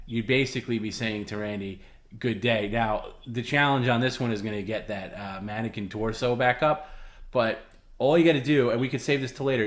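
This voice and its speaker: A man's voice: mid-range voice, roomy sound. A man hosting a live stream, patiently explaining the rules of a challenge in a casual way. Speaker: stream host.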